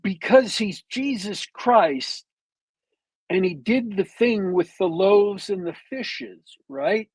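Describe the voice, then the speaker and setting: Slow, husky man with a cold. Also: high-pitched, lively intonation, no echo, rough recording. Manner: meandering, detailed storyteller with long pauses. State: has a bad cold. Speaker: podcast co-host. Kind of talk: casual chat, retelling a movie plot.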